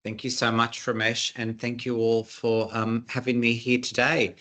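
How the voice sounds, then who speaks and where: A man's voice: mid-range voice, completely flat delivery, moderate pace, a bit bright. A man presenting at an online conference over a video call, earnest and chatty, with frequent fillers.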